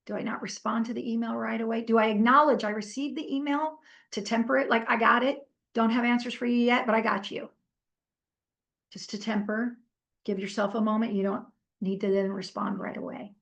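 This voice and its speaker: At normal speed and with vocal fry in her higher voice, a middle-aged trainer teaches her workshop conversationally. She tells animated stories, leans on fillers, and asks the group for feedback.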